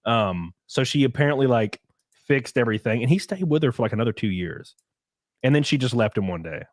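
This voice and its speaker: A man's voice: mid-range voice, expressive, brisk, dry recording, studio quality. A young man in casual podcast chat, telling rambling stories, swearing and laughing often.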